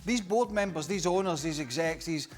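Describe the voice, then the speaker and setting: A man's voice: a little high, lively intonation, moderate pace, soft background music. A man on a football panel, rambling through anecdotes and repeating himself. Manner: rambling, repeats and restarts phrases. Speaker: football pundit. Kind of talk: studio panel chat.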